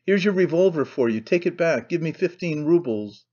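A man's voice: a little high, lively intonation, normal speed, a little mellow, highs cut off. A man voicing a desperate young husband who makes curt, urgent demands.

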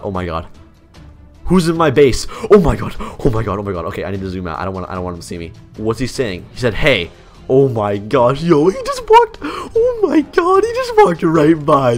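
A man giving excited gameplay commentary as a YouTuber, jumpy and slangy, talking straight to his viewers. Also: medium pitch. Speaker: gaming YouTuber.

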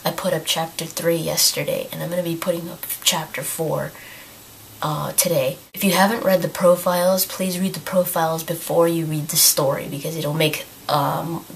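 Low gravelly woman losing her voice. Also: flat delivery, normal speed, slight background noise, rough recording. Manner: rambling, thinking aloud with many restarts. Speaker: YouTube gaming channel host. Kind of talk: casual talk to camera.

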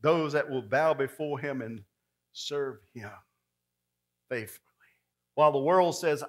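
Folksy, high-voiced preacher man. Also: a little slow. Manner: folksy, dramatic, swings from loud to hushed. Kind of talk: sermon.

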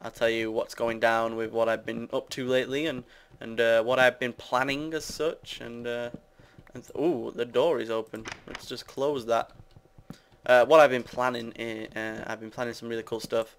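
A young man from the UK with a British accent talks his way through a building game, rambling and teasing his viewers. His voice sits at an ordinary middle pitch. Keyboard typing can be heard behind him. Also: steady tone, normal speed, smooth. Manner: rambling, self-mocking, chatty with viewers. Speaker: gamer. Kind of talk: casual Let's Play commentary.

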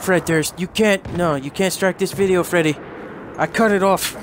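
High-voiced, crude joking gamer man. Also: moderate pace, noisy background. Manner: crude, joking, self-mocking. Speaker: gamer, channel host. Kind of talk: gameplay commentary. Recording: game gunfire and explosions behind. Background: gunfire, artillery, vehicles.

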